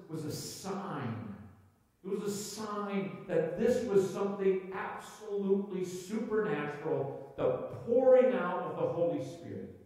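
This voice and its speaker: A man's voice: lively intonation, a little slow, mellow. A man preaching a sermon as pastor, conversational, with frequent restarts, sometimes raising his voice to act out a crowd. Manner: acts out crowd voices with raised pitch. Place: church sanctuary. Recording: echoey hall, from far off.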